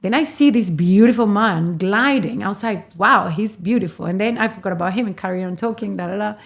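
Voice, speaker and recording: A middle-aged woman from Colombia with a Colombian Spanish accent, telling a lively story as an interview guest, often laughing. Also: mid-range voice, fast. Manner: animated, laughs while telling stories. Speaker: guest, entrepreneur.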